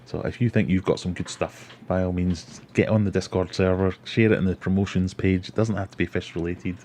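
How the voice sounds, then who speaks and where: On a casual live-stream chat, the host, a middle-aged Scottish man, rambles chattily and reads viewer comments aloud. He speaks fairly quickly in a low, steady, slightly mellow voice, with a little hiss or hum in the audio.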